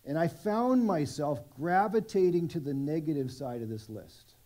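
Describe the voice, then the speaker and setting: A man's voice: on the high side, lively intonation, normal speed, warm tone. A middle-aged man preaching a sermon at a church service, conversational and self-deprecating, with many restarts. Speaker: pastor.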